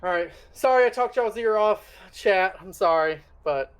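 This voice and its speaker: A woman streamer in casual chat about a game, excitable and swearing, acting out her own reactions. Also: mid-range voice, moderate pace, smooth.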